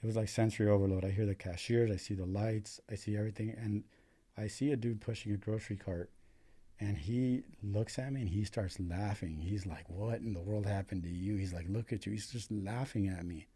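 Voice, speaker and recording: A man's voice: on the low side, fairly even intonation, a little fast, dark tone, slightly rough. A young adult American man, a paramedic guest, telling his story in casual, profane talk full of "dude" and "like". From United States. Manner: profane, filler-heavy, says "dude" a lot.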